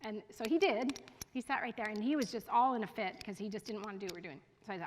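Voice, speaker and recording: A woman, a school division head, giving a casual, animated parenting talk to parents and often laughing and asking the audience questions. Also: mid-range voice, quick pace, slight background noise. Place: school event room with an audience. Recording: long reverb from a hall.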